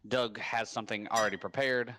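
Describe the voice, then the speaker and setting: A man hosting a casual live-stream trivia game, rambling and upbeat with quick bursts of hype. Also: medium pitch, fairly even intonation, pushed and bright. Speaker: trivia host. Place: home.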